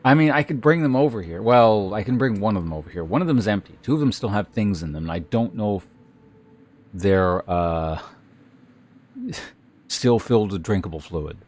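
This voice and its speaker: A man streams and chats casually with live viewers, rambling with many restarts and filler words. His voice is lowish and a little mellow, animated, at normal speed.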